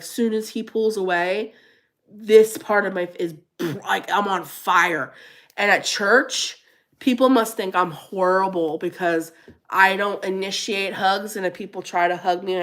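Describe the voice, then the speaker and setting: A middle-aged woman hosting a casual livestream chat, animated and laughing often, going high and squealy when she quotes herself. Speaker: livestream host.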